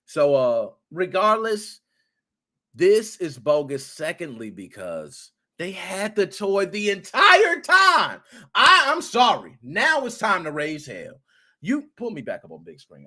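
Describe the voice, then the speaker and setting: A man hosting a gaming podcast, talking in an animated, excitable way with playful rants and cursing. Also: high-pitched, measured pace. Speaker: podcast host. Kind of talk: casual commentary podcast.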